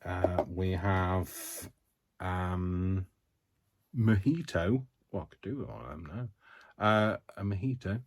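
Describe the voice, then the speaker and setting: A man hosting a casual craft haul vlog, talking to camera in a chatty, rambling way with many ums and self-mocking jokes. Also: low-pitched. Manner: jokey, self-mocking humour. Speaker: craft vlogger.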